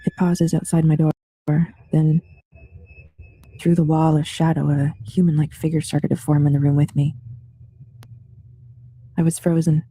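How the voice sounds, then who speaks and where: A man narrating true ghost stories in a steady, level reading voice. His tone is very dark and mellow, and it stays flat with little rise or fall. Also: on the high side, normal speed, long pauses, slight background noise. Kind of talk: scripted true-story narration.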